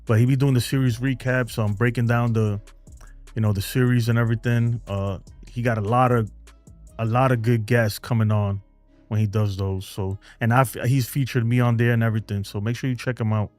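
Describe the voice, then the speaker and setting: A man's voice: medium pitch, fairly even intonation, fairly quick, a little mellow, faint music behind. Laid-back New guy chatting baseball. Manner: laid-back, laughs often, says "man" and "bro" a lot. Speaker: baseball fan channel host. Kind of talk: casual live-stream chat reading viewer comments. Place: home.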